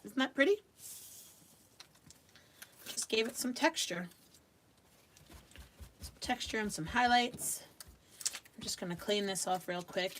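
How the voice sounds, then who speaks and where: A chatty middle-aged woman from Long Island hosts a live crafting demo. Her voice sits at an ordinary middle pitch, and she laughs often as she talks through her work. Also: a bit bright. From Long Island, New York. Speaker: host of a live craft stream.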